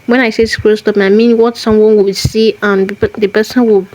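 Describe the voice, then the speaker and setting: A woman's voice: mid-range voice, flat delivery, fairly quick, darkish tone, slight background noise, low-quality recording. A woman hosting a screen tutorial, walking through each step methodically and repeating key phrases as she goes. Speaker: tutorial host.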